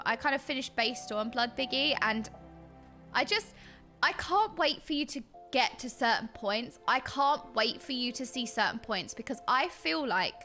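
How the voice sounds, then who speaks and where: A British woman streaming and chatting casually with her viewers, bubbly and excitable, with a slightly dry throat, talking into a desk mic. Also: fairly high pitch. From Britain. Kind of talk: casual chat with live stream chat.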